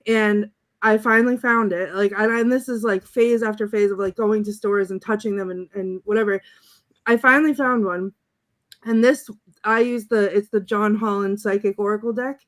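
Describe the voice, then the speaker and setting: A woman's voice: medium pitch, fairly even intonation, normal speed. A woman telling a long personal story in casual podcast chat, rambling with many fillers. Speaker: podcast co-host.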